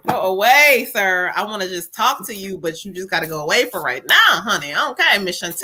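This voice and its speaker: A woman's voice: mid-range voice, expressive, brisk, hardly any pauses, bright, forceful tone, a little hiss or hum. A woman medium giving spirit readings on a live stream, emotional and profane. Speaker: psychic medium.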